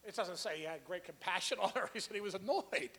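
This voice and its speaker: A man's voice: high-pitched, fast, sharp tone, in a large hall. A man preaching an expository sermon, earnest and conversational, building to emphatic points. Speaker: pastor.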